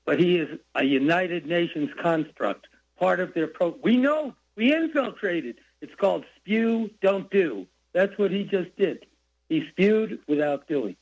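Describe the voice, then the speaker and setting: An older man calling in to a radio show, talking in a rambling, heated way that jumps from topic to topic. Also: on the high side. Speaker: caller. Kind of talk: call-in radio rant. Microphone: phone line. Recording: dull lo-fi phone call.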